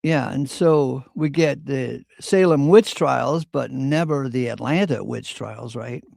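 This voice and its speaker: Gravelly man, opinionated. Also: mid-range voice, slow pace, a little mellow, no room sound, clean studio sound. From Virginia. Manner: opinionated storyteller, clears throat often. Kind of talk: casual chat.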